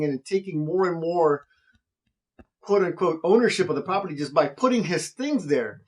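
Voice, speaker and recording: A man's voice: a little high, moderate pace. A man, a real estate investor, casually telling a story to camera and acting out the people in it. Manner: animated, acts out quoted voices.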